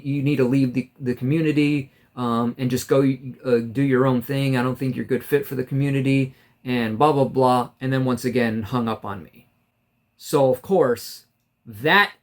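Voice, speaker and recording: A man vlogging straight to camera, recounting a falling-out with a steady, mid-pitched voice. He sounds aggrieved and rambles, stumbling over restarts and fillers as he lays out his grievances. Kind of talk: casual storytelling to camera.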